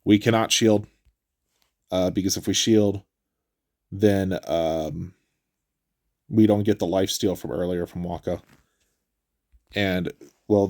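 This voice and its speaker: Stuffy low-voiced man explaining gameplay. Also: no room sound, studio quality. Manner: relaxed, explanatory, with frequent fillers. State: stuffy nose. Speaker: gameplay commentator. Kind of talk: casual game walkthrough commentary.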